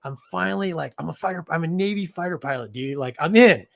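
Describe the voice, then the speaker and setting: Man, middle-aged, slightly high voice, casual storytelling, animated, chuckles mid-sentence, says "dude" a lot. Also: fast, gravelly. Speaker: co-host, former Navy fighter pilot.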